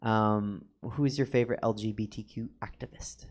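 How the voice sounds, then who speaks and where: A man's voice: lowish voice, fairly even intonation. A man hosting a casual studio interview as a drag performer, joking and teasing his guest. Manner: joking, teasing, quick asides. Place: studio in a comedy theater.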